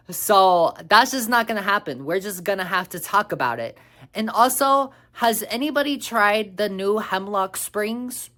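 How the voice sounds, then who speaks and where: A young woman talks in a casual, chatty vlog, rambling with lots of fillers and the occasional swear word. When she opens up about her fears, her voice turns soft, low, and quiet.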